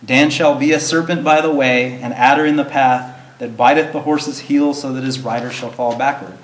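A man of middle pitch teaches a verse-by-verse Bible study, reading old scripture aloud and then explaining it plainly and earnestly. His voice carries a roomy echo around it. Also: fairly even intonation, normal speed, slight background noise. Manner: earnest, explains plainly, reads verses in King James wording.

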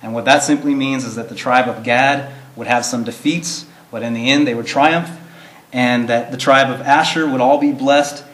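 Male Bible study teacher, mid-pitched, earnest and plain-spoken, in an echoey room. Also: fairly even intonation, normal speed, a bit bright. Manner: earnest, explains plainly, reads verses in King James wording. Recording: roomy echo.

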